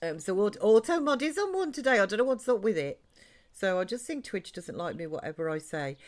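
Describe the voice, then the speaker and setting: Very animated and a little fast, this mid-range female voice belongs to a streamer rambling through a life-sim game. She chats away, addressing viewers and in-game characters alike.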